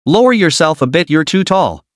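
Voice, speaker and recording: A man's voice: fairly high pitch, sing-song, normal speed, dry recording, studio quality. A man voicing a bossy but shy young woman in a recap of a comic story, giving curt, flustered retorts.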